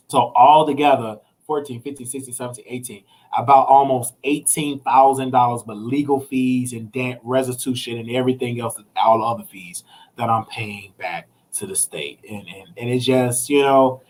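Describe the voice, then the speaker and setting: A man hosting a casual live stream, talking straight to his viewers, animated and swinging between excited highs and low, serious storytelling. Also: a little fast. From United States. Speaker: livestream host.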